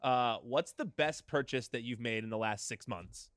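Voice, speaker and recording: A man's voice: medium pitch, moderate pace, a bit bright, clean tone, no echo, studio quality. A man hosting an interview over a video call, chatting casually and filling his sentences with "like" and "you know.". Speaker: podcast host.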